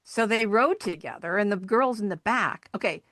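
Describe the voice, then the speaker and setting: A middle-aged woman, a podcast guest, telling personal stories in an earnest, animated way. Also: mid-range voice, moderate pace, dry recording, studio quality. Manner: earnest, animated storyteller acting out quoted voices. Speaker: podcast guest, sculptor and hiking group founder. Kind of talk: conversational storytelling interview.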